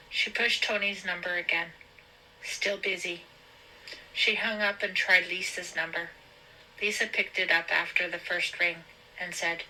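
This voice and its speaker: A woman reads a teen thriller aloud in a storybook style, slow and deliberate. Her voice is very bright and sharp-edged, sitting at a middle pitch for a woman. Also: a little hiss or hum, rough recording. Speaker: host reading a novel aloud. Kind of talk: storybook reading.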